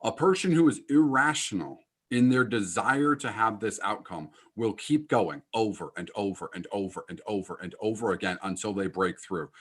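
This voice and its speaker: A man hosting a podcast, speaking emphatically and with fired-up energy as he draws lessons from a guest's story. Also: on the low side. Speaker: podcast host. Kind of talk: casual podcast conversation.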